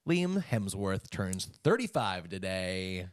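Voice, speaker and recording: A man's voice: low voice, big pitch swings, slow, clean tone, no echo, clean studio sound. A man co-hosting a podcast in casual chat, with goofy, self-mocking jokes. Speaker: podcast co-host.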